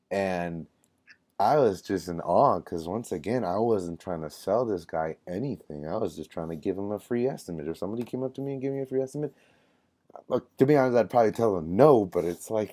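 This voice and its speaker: A man's voice: low-pitched, lively intonation, brisk, mellow. A young man telling a rambling, casual story to camera, full of fillers and self-corrections. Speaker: vlogger.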